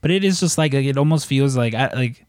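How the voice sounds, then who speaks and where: Halting man in a dry close recording. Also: mid-range voice, darkish tone, no echo. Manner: hesitant, lots of "like" and restarts. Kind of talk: casual chat.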